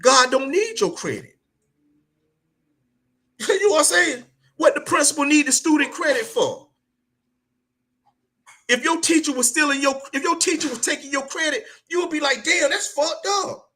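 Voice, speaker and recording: A man's voice: very high-pitched, lively intonation, moderate pace, long pauses, pushed and bright. A middle-aged man hosting a podcast, giving a blunt, profane motivational monologue and tacking "man" onto nearly every line. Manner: blunt, profane, preachy, repeats "man" constantly. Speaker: podcast host.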